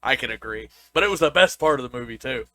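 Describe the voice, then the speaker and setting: Brief: young male co-host, casual chat; bright, dry close sound. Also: medium pitch, lively intonation, fast talker, no echo. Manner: loose, laughing, stumbles and restarts often. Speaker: podcast co-host.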